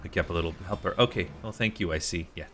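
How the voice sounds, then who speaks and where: A low-voiced man chats casually while streaming a game, thinking aloud between lines of dialogue. His delivery is loose and conversational. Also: very fast, a bit bright, slight background noise. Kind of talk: live-streamed gameplay chat.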